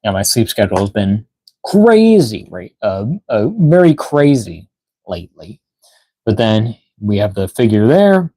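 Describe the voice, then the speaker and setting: A man's voice: lowish voice, sing-song, unhurried, dark tone, dry recording. A tired man hosting a toy unboxing live stream, rambling casually with lots of fillers and yawns. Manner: rambling, filler-heavy, reads chat aloud. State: tired, yawning, out of breath.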